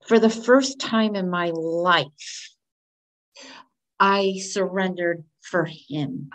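Middle-aged woman guest, slightly low voice, open and expressive, acts out the voices in her story. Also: drawn-out words. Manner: candid and expressive, acts out quoted speech. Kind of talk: personal storytelling in conversation.

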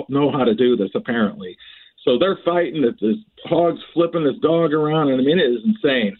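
A man on a podcast as a guest, telling a lively story, often laughing and restarting phrases. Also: mid-range voice. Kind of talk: animated storytelling. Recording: tinny phone-like line.

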